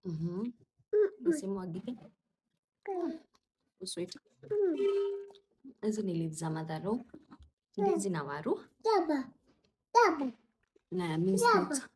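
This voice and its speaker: A woman's voice: medium pitch, sing-song, slow, long pauses, a little hiss or hum. A young woman talks to her camera in a chatty, everyday vlog, slipping between English and Swahili and cooing to her little ones. Her voice swoops up and down with lots of life. She sounds like a mother at home with her twins. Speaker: parenting vlogger and mother. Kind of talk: casual vlog chat.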